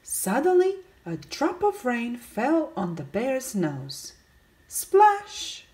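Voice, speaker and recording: A woman's voice: a little high, wildly swooping pitch, slow, darkish tone. A woman reading a children's picture book aloud, asking her young listeners questions and calling out the characters' greetings. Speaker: storybook reader.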